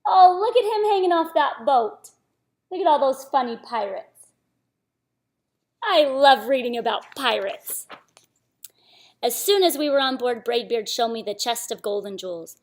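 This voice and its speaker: Woman storytime reader, bright higher voice, very lively, sing-song, whispers for effect. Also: unhurried. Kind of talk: children's picture-book read-aloud.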